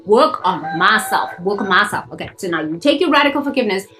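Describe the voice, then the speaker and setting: A woman's voice: medium pitch, expressive, fast talker, pushed and bright, faint music behind, rough recording. Fiery woman preaching self-help. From South Africa. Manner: emphatic, blunt and fiery, with swearing and repetition. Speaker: spiritual coach. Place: outdoors in bright sun.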